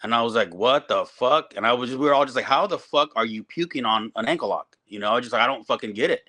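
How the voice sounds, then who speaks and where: A middle-aged man, a veteran wrestling trainer, telling stories in a profane, animated way in a casual podcast chat. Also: medium pitch, fast.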